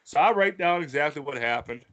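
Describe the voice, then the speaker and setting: Guy with a kinda high bright voice, swearing nonstop, animated story mode. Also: brisk, muffled recording. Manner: profane, animated, laughs through his stories. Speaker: podcast co-host. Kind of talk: casual storytelling chat.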